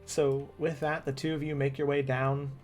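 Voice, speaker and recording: A man's voice: a little high, level tone, normal speed, darkish tone, soft background music. A man narrating as game master in a tabletop game, casual and full of fillers. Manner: casual, with many fillers and restarts.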